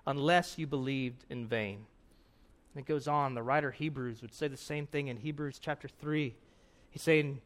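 A man's voice: medium pitch, moderate pace, pauses often. A man preaching a sermon in an earnest, conversational way, often checking in with "right?" and reading scripture aloud with rising emphasis.

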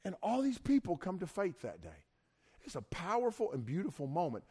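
Animated male preacher, colloquial storyteller, voice a bit high. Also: fairly quick, slightly rough. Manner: animated, colloquial, speaks to listeners directly. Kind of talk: storytelling sermon.

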